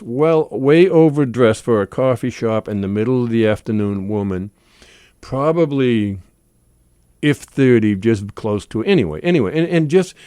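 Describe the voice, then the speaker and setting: A man with a Boston accent tells stage stories on a talk show at a medium pitch. He talks in an animated way, restarting his sentences often. The sound is close and dry. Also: no room sound. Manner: animated storyteller with many restarts. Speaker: stage actor guest. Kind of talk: casual talk-show chat.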